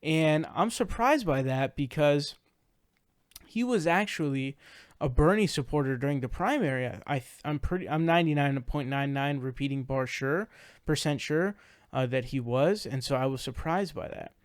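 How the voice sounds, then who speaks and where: A man's voice: on the high side, moderate pace, smooth, dry recording, clean studio sound. A man giving casual political reaction commentary, ranting in exasperation with frequent swearing.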